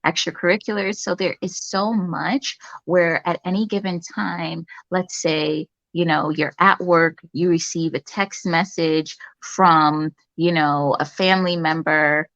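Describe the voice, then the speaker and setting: A calm, reflective woman chats as a guest in an interview, her voice sitting a little low. She talks softly and unhurriedly, with plenty of fillers. The sound is dry and slightly dull. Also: measured pace, few pauses, no echo. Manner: calm, reflective, soft-spoken with many fillers. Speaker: nurse guest. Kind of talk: casual interview chat.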